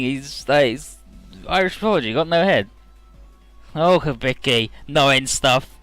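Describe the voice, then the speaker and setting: A man rambles through a crude, joking recap of a game's story in casual let's play commentary. His voice is bright and bounces around a lot in pitch. Faint game music plays behind him. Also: expressive, a little slow, no room sound.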